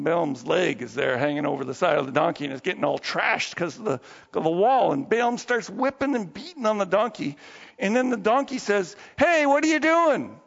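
A man preaches in a casual, folksy storytelling manner, in a rather high voice with a gravelly edge. His words ring through a long hall reverb. The recording is dull and lo-fi. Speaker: pastor. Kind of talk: sermon.

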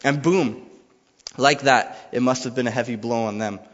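A man's voice: medium pitch, normal speed. A man preaching a sermon, reading scripture and retelling it in a loose, conversational way. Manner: conversational, paraphrases dialogue casually. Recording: dull lo-fi sound with long reverb.

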